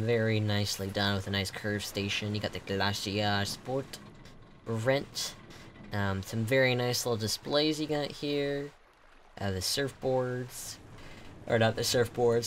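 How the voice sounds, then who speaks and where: A young man giving casual game commentary as he reviews players' builds, excitable and gasping, with lots of ums and likes. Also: mid-range voice, a little hiss or hum.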